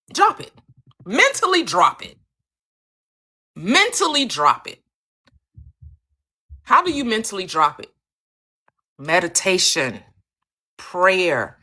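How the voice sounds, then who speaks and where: A woman's voice: medium pitch, sharp tone. A woman host teaching manifestation in an emphatic, preachy way, firing off repeated rhetorical questions on a live stream.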